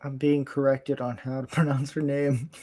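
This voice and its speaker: A man's voice: mid-range voice, level tone, moderate pace, mellow. A man hosting a casual chat. He rambles, chuckles often and makes fun of himself. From Florida, USA. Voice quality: rambling, chuckling, self-deprecating.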